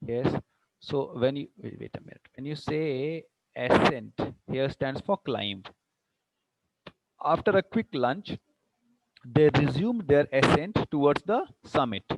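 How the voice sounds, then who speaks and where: A man's voice: medium pitch, animated, takes it slowly, pauses often, rough recording. A man with an Indian English accent teaching English vocabulary, switching between English and Hindi and checking understanding with questions. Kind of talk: online lecture, mixing English and Hindi.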